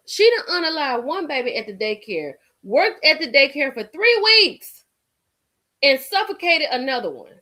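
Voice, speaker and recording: Lively woman streamer chatting with viewers. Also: sits high. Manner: animated, reacts to viewer comments and gossip. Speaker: livestream host. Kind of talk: casual live-stream chat.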